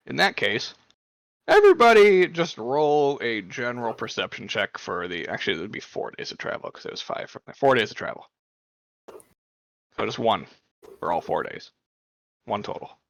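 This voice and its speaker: A man's voice: mid-range voice, sing-song, measured pace, creaky, long pauses, no room sound. A young man serving as game master, giving rulings in a matter-of-fact way. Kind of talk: running a tabletop game.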